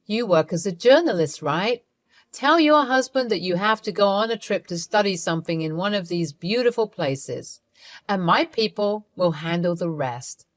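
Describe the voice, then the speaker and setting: A woman voicing a smooth-talking male celebrity who flirts slowly and seductively in a storytime narration. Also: mid-range voice, animated, close to an everyday voice. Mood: flirty.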